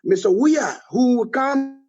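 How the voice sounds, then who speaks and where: A man's voice: extremely high pitch, lively intonation, takes it slowly, darkish tone, dull audio. A man with a Liberian accent, a political guest giving emphatic critical commentary and often adding "all right?".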